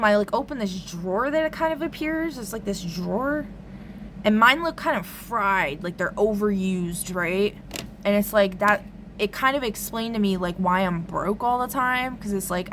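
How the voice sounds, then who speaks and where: A woman rambles through a dream in a casual vlog, her voice sitting at a middle pitch. She fills her talk with "like" and swears freely. A faint hiss sits under the recording. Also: a bit bright. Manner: rambling, lots of "like", frequent swearing. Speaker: tarot reader recounting a dream.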